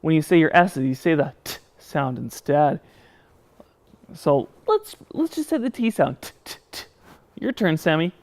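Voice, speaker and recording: A man teaching children how to say their sounds, with a lively voice that rises and falls widely. He talks straight to the boys and girls at home with patient, animated encouragement. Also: fairly high pitch, a little slow. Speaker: children's speech teacher and show host. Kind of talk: children's educational show.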